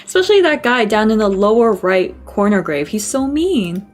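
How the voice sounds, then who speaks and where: A woman's voice: medium pitch, very animated, normal speed, close to an everyday voice. A woman reading as a gossipy ghost man. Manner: reads game dialogue aloud plainly.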